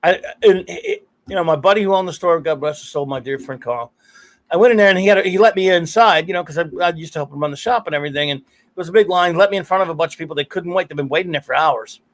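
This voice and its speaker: A middle-aged podcast host runs a casual live stream, spinning rambling stories, cursing freely, and laughing often. His voice is a little high and fast.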